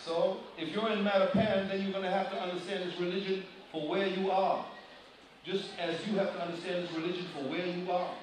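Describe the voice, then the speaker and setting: A man with a high voice delivers an animated sermon, often putting questions to his listeners. He sounds far from the mic in a very echoey hall, with clear room noise behind him. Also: fairly quick. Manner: animated, addresses audience directly with questions. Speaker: preacher. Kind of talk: sermon to a congregation. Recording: distant mic, loud room ambience.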